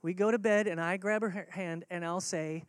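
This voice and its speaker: A man's voice: high-pitched, steady tone, normal speed, smooth, dry recording, clean studio sound. A man preaching a sermon as pastor, earnest and conversational, repeating key words for emphasis.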